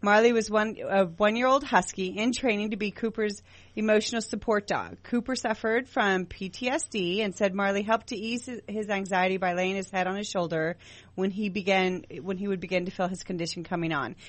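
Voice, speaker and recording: Gentle, halting woman radio host. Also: medium pitch, fairly even intonation, no room sound. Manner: gentle, repetitive, halting phrasing. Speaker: radio talk show host. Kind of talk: call-in talk radio.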